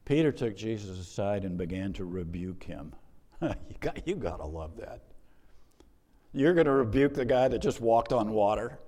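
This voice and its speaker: A male pastor preaching a sermon in an animated, conversational way, with emphatic repetition and joking asides. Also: fairly low pitch, normal speed, big-room sound.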